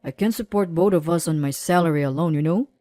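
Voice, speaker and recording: A woman's voice: low-pitched, fast, dark tone, no room sound, soft background music, natural voice. A woman voicing a demanding, irritable young husband who complains and scolds. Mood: irritated.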